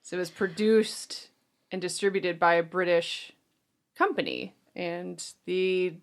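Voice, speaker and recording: A woman's voice: fairly low pitch, lively intonation, a little slow, gravelly. A woman hosting a casual film podcast, chatting with friends, laughing often and reading out a synopsis. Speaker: podcast host.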